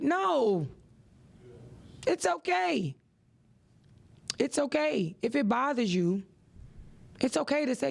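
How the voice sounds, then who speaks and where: Woman host with a gravelly edge, preachy and animated. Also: unhurried, long pauses. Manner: animated and preachy, with expressive rises in pitch. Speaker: podcast host. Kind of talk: motivational podcast talk.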